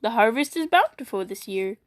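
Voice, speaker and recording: A woman voice actor reading funny internet posts aloud, animated and playful, switching voices often. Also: on the high side, brisk. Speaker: YouTube voice actor.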